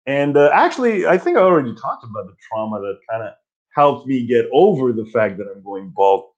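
Guy in his 40s ranting on his stream, swears a lot, super lively voice, kinda muffled lo-fi sound. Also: medium pitch, a little fast. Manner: profane, self-mocking, animated storytelling. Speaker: live stream host. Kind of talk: casual ranting live stream. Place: his old childhood bedroom at home.

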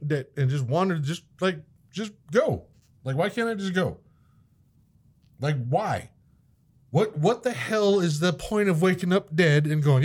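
A man in casual chat, ranting with profanity and sudden loud outbursts. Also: high voice, animated, moderate pace.

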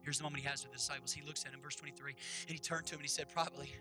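A pastor preaching a sermon at a church service, animated and swinging between loud and hushed delivery. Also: medium pitch, very fast, music in the background.

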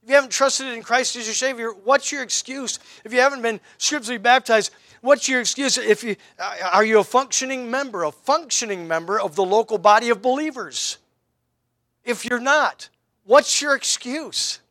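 Male pastor, middle-aged, sermon delivery, high bright voice, wry questioning style, dry close sound. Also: moderate pace, dry recording. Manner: rhetorical questions, wry and emphatic.

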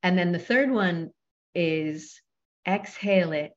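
A woman, a personal trainer and yoga instructor, speaking as a guest in an interview with a smooth, measured delivery like a radio host. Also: fairly low pitch, dull audio. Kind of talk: podcast interview.

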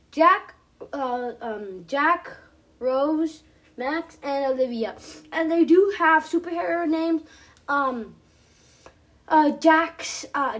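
A woman hosting a podcast, telling an improvised story in a rambling way with many fillers. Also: sits high.

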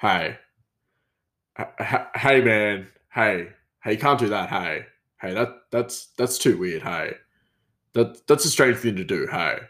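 A man voicing a laid-back male chef who ends every sentence with "hey", in a low voice. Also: lively intonation, slow, a bit bright. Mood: scolding.

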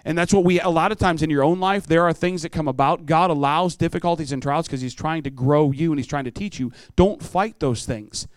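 A man's voice: a little high, a little fast, hardly any pauses, smooth, no room sound. Middle-aged man, youth preacher, storytelling sermon, clean resonant voice, close and dry. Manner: storytelling, acts out voices, asks the room questions. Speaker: preacher speaking to teenagers.

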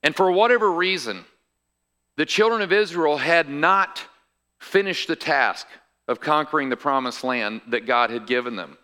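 A man's voice: on the high side, moderate pace, sharp tone. A male pastor preaching a sermon in a conversational way, explaining scripture with asides to the congregation.

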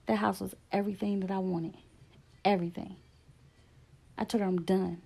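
Woman, middle-aged, gravelly and mellow, candid storytelling, emphatic, pace swings fast and slow. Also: mid-range voice, flat delivery. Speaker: speaker sharing a personal story. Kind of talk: casual testimonial storytelling.

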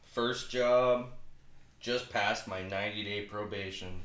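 A man's voice: lowish voice, fairly even intonation, takes it slowly, fairly bright tone, echoey room. A man in his twenties telling a crude story about his first job in casual chat. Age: 20s. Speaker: podcast co-host.

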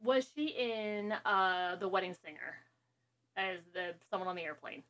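A woman's voice: mid-range voice, a bit bright. A woman co-hosting a podcast, chatting casually and rambling about a movie as she watches it. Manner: rambling, quick asides, laughs. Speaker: podcast co-host.

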